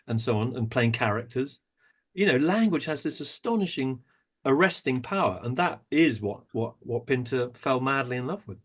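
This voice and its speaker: An actor and director appears as a podcast guest in an interview conversation, speaking thoughtfully and at length like a storyteller, with many small restarts. His medium-pitched voice is expressive, with a breathy edge and a moderate pace.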